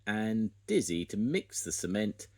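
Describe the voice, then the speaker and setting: A man's voice: fairly low pitch, big pitch swings, unhurried, darkish tone, voice pushed up, full character voice. An older man reading a storybook aloud, voicing a helpful young woman builder who explains plans eagerly. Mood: explaining.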